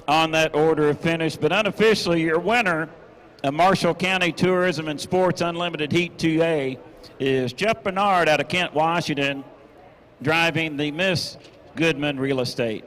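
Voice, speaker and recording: A high-pitched man announcing a boat race live from a lakeside course. He reads out finishing positions and points briskly, staying matter-of-fact about the standings. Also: fairly bright tone.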